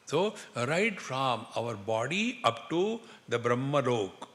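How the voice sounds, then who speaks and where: Slow, bright-voiced Indian swami. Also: male voice, mid-range voice, sing-song. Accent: Indian English. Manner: slow, humorous storytelling with chanted Sanskrit verses. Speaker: spiritual teacher. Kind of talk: spiritual discourse with anecdotes. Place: lecture hall with an audience. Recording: long hall reverb, faint noise.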